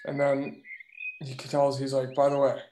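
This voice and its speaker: A man who drives a delivery truck, telling a work story in animated casual chat. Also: medium pitch, unhurried. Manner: animated, vivid retelling. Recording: roomy echo with faint noise.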